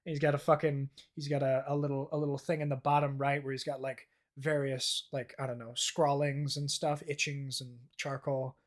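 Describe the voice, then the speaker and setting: A man's voice: mid-range voice, little pitch movement, normal speed, few pauses. A man streaming a game with casual, profane, rambling commentary, easily delighted by small things.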